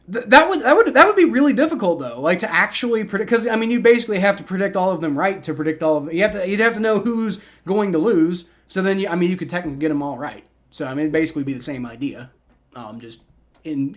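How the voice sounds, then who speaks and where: A man's voice: fairly high pitch, fairly bright tone. A man in his twenties hosting a livestream, mixing play-by-play with casual chat, rambling with repeated words and fillers. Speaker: livestream host. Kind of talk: live play-by-play and chat reaction.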